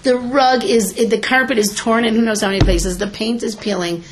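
Animated woman teacher telling stories. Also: a little high, normal speed, noisy background. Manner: animated, tells stories and acts out quotes. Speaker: teacher and school educator giving a talk. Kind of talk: lecture to parents with stories.

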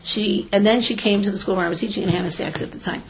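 A woman teacher gives an animated lecture to parents, full of stories and acted-out quotes. Her voice sits at a middle pitch with a lilt. Faint background noise and clicks run under the recording. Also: fast, gravelly. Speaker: teacher and school educator giving a talk.

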